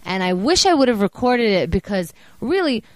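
A woman in casual chat, telling a story in an animated, profane rant. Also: medium pitch, moderate pace, dry recording.

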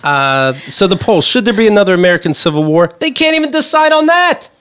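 A man co-hosting a casual comedy podcast chat, ranting and swearing with animated energy. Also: sits high, fairly quick, clear, resonant tone. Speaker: podcast co-host.

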